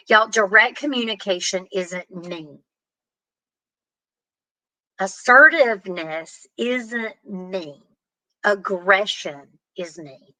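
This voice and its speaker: A woman's voice: medium pitch, slow pace, pauses often, bright, forceful tone, no echo, rough recording. A woman giving earnest, plain-spoken relationship advice, acting out example conversations. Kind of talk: direct-to-camera advice talk.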